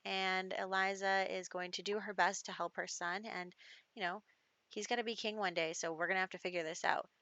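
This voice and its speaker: A woman's voice: medium pitch, steady tone, a little fast, bright, forceful tone, no room sound, highs cut off. A young adult woman giving casual gameplay commentary, chatty and laughing often, with lots of fillers. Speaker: gaming YouTuber.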